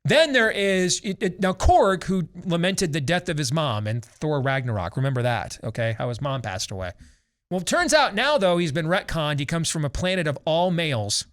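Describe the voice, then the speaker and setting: A man's voice: on the high side, animated, normal speed, fairly bright tone. A man in his forties hosting a talk show, ranting sarcastically and theatrically in opinionated commentary. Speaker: host.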